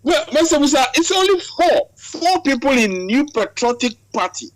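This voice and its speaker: In a rough recording, a man with a Ghanaian English accent argues heatedly on a video call in a very high-pitched, very animated voice at a moderate pace. Impassioned, he keeps repeating himself and addressing the other man by name.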